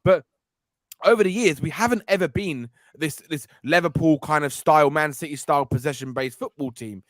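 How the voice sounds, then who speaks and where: Fast-talking insistent man. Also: on the high side, no echo. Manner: insistent, keeps asking "right?". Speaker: podcast co-host. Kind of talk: heated casual banter.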